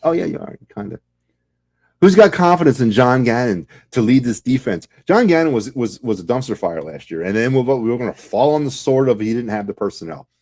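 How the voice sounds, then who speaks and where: A man's voice: medium pitch, lively intonation, brisk, darkish tone. A man hosting a sports podcast, delivering a heated, sarcastic fan rant full of rhetorical questions.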